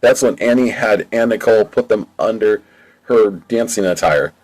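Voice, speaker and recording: A man's voice: fairly low pitch, normal speed, darkish tone, poor audio. A man narrating his own amateur audiobook in a plain, casual storytelling way. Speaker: audiobook reader. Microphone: home mic.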